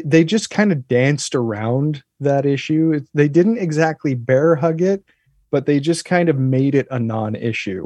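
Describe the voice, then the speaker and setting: A man talking about a TV episode in a relaxed, thoughtful podcast chat, with frequent fillers. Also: medium pitch, no room sound, studio quality. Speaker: podcast co-host. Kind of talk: casual chat.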